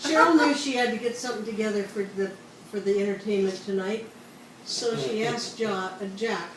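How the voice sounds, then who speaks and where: A woman telling jokes in an unhurried, dry way. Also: medium pitch. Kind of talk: casual joke telling. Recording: distant, echoey room with background noise.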